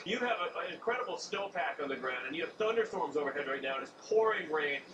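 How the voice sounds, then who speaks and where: A man presenting the weather forecast on a morning show in a quick, casual way. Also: a little high, lively intonation, muffled recording. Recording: roomy studio, distant mic, noise.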